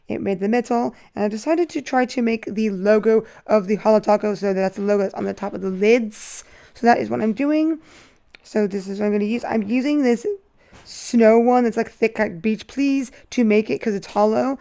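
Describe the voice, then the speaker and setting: A woman narrating her nail art as she paints, chatty and rambling, breaking into excited sing-song bursts. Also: medium pitch, smooth. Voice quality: voice crackling. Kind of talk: casual voice-over while painting nails.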